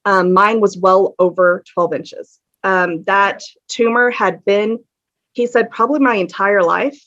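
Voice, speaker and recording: A woman's voice: medium pitch, unhurried, fairly bright tone. A woman, telling her story as a podcast guest in a candid, earnest way, with many ums. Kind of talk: casual interview storytelling. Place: home room with a fan on. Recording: dull lo-fi audio.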